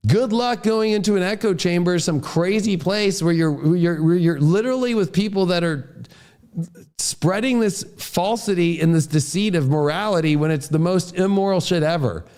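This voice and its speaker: A man with a high-pitched voice delivers an astrology forecast as a fierce, expletive-heavy rant. He is a father and talks in a heated, combative way. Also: normal speed, a little mellow, clear, resonant tone. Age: adult, a father. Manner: heated, profane ranting.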